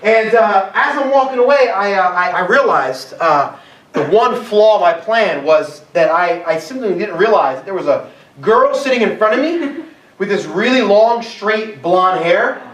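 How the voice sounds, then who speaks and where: A pastor in his thirties preaches to young adults in a high-pitched, expressive, fairly bright voice at an unhurried pace, telling self-mocking jokes and stories. The recording comes from far off in an echoey church hall.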